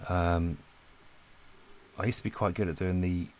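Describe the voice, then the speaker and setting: Low-voiced guy chatting away while doodling, laid back, bit out of breath, faint hiss behind. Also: unhurried. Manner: relaxed, rambling, talks to viewers while drawing. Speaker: art channel host. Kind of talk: casual chat while drawing. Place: lives in Spain.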